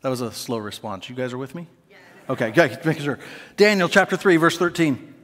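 A man preaching a sermon as pastor, conversational and animated, with playful asides to the congregation. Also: medium pitch, brisk. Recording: long hall reverb.

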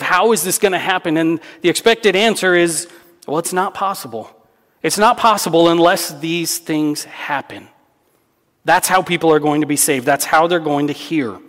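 A male pastor delivers a sermon in an earnest, emphatic way, circling back to key phrases for weight. His voice sits a little high for a man. The sound carries a long reverb from a large church hall. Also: a bit bright.

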